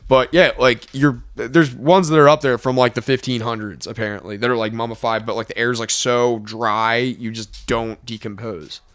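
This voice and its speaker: A man's voice: mid-range voice, fairly even intonation, normal speed, hardly any pauses, fairly bright tone, dry recording, clean studio sound. A man on a podcast chatting in a laid-back, hesitant way. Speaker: podcast co-host. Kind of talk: casual podcast chat.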